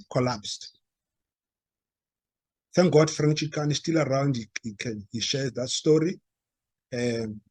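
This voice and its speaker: A man with a South African accent telling a story to a live audience, halting and restarting, and acting out the quoted dialogue. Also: mid-range voice, a little mellow, no echo. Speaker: speaker at a talk. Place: meeting room.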